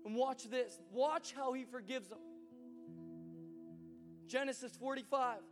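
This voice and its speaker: A male pastor preaching a sermon as an animated, conversational storyteller. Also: very high-pitched, measured pace. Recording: hall reverb with soft music.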